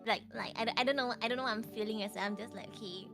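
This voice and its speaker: A young woman guest chatting casually, halting and repeating her words as she talks. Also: fairly high pitch, steady tone, music in the background. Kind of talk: casual chat.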